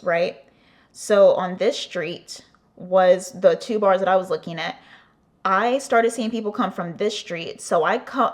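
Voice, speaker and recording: A young adult woman telling a casual storytime for her vlog, chatty and profane, with lots of "like". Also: mid-range voice. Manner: profane, chatty, heavy use of "like". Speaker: vlogger.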